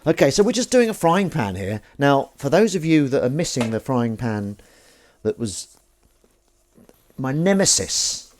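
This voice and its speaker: Young male stream host, casual chat, animated delivery. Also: medium pitch, normal speed, slight background noise. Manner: chatty, self-mocking, reads chat aloud. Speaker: livestream host. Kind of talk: casual chat while washing up.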